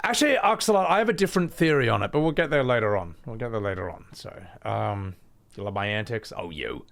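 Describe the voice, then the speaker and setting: A man's voice: on the low side, animated, fast talker, vocal fry, fairly bright tone. A man giving casual, playful reaction commentary on a livestream, often laughing and swearing. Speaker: streamer.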